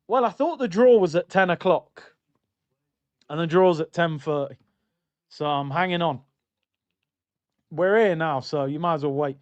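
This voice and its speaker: A man streams a football watchalong, chatting casually and reading out comments from viewers. His voice is on the high side, and he speaks unhurriedly, pausing often. The audio is dull.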